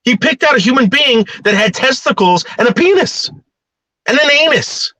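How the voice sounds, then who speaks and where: A man's voice: very high voice, lively intonation, normal speed, bright, forceful tone, no room sound, rough recording. A man ranting bluntly in a heated, profane opinion monologue.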